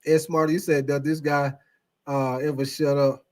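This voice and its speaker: A man's voice: a little high, level tone, moderate pace, darkish tone. A man hosting a casual sports podcast who talks in a loose, rambling way, addresses his chat directly and laughs often.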